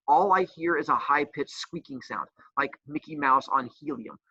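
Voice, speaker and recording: A man's voice: medium pitch, creaky, sharp tone, dry recording. A man teaching a middle school class over a video call, teasing and joking. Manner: teasing, joking, self-mocking. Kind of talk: online class talk. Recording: dull, dry video-call audio.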